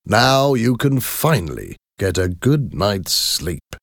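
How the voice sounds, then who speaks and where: A man's voice: on the low side, very animated, takes it slowly, no room sound, clean studio sound, exaggerated voice. A man voicing a kind, earnest Victorian doctor who speaks reassuringly. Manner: warm and reassuring.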